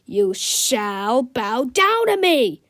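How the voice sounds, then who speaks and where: A woman voicing a boastful bully boy posing as a superhero, with slow, grand commands. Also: a little high, animated. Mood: pompous. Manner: pompous, slow commanding proclamations.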